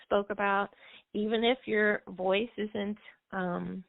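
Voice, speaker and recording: A woman's voice: medium pitch, fairly even intonation, takes it slowly, gravelly, dry recording. A woman music therapist explaining things at length in easy flowing talk, with a few fillers, as a guest on a call-in show. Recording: dry phone line.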